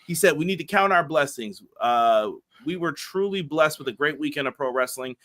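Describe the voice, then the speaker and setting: Guy cohosting a wrestling pod, hyped and rushing thru shout outs, bright tone. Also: on the high side, expressive. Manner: hyped, rapid shout-out reading. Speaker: podcast co-host. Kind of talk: casual podcast chat.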